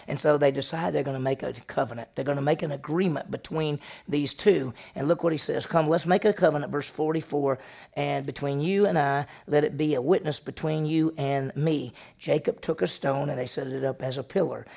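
A male pastor, preaching a sermon and retelling a story with animated delivery, acting out the characters' lines. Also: on the high side, normal speed, creaky, slightly rough.

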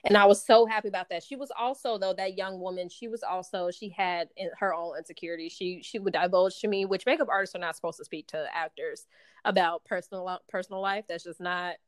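An actress telling a personal story in casual chat, animated and full of restarts, acting out the voices she quotes. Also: on the low side, fairly quick, no room sound. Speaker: actress guest.

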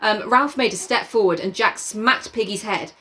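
A woman of middle pitch reads a novel aloud for a podcast, breaking off into casual, jokey chat. Her speech is relaxed, with frequent laughs and the odd swear word. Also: moderate pace, slight background noise. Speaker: podcast co-host and reader.

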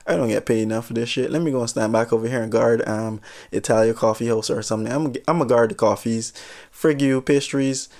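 A man voicing an underpaid male security guard, muttering fast and fed up. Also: medium pitch, fairly even intonation, darkish tone, pitched below the performer's own voice, close to an everyday voice. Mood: grumbling.

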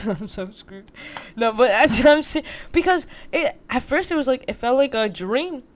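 Young woman on a podcast, slangy and animated, does everyone's lines in her story. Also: a little high, measured pace. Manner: slangy and animated, acting out quoted exchanges. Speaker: podcast co-host. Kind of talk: casual chat.

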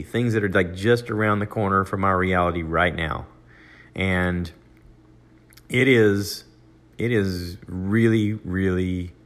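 In this relaxed solo monologue, a podcast host, an older man with an American accent and a very low voice, meanders conversationally, often restarting and leaning on "uh" and "you know." His tone is fairly bright, and quoting others sends his pitch higher.

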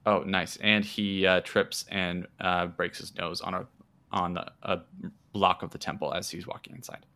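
A man with a fairly low voice and a bright, forceful tone runs a tabletop game. He narrates in a hesitant, playful way, full of fillers. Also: little pitch movement, normal speed, clear, resonant tone. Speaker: game master.

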